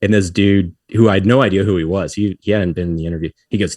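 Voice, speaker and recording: A man's voice: sits low, quick pace, few pauses, dry recording, studio quality. A middle-aged man, a podcast guest, telling stories in a casual way, acting out what people said and laughing often. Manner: animated, acts out quotes, laughs often. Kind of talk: casual storytelling.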